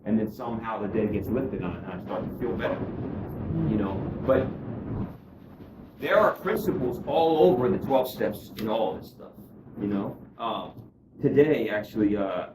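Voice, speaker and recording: A guest speaker gives candid testimony about his recovery, earnest and self-deprecating, sinking low and quiet before rising high and excited as the story unfolds. He talks at a normal speed, far from the mic, in a reverberant space with a noisy background.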